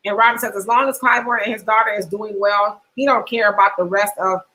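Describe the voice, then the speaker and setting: A woman's voice: mid-range voice, fairly even intonation, fairly quick, pushed and bright, low-quality recording. A middle-aged woman, hosting a livestream and reading viewer comments aloud, laughing often between her asides. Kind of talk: casual chat.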